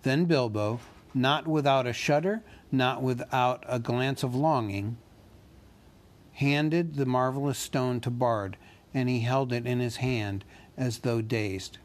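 A man reading a novel aloud in a steady, measured way. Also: medium pitch. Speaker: reader.

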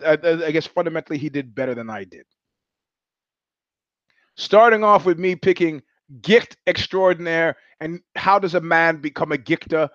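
A man's voice: a little high, fairly bright tone, no room sound, dull audio. A man hosting a podcast, talking in a rambling, wry, digressive monologue. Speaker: podcast host. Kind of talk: casual monologue commentary.

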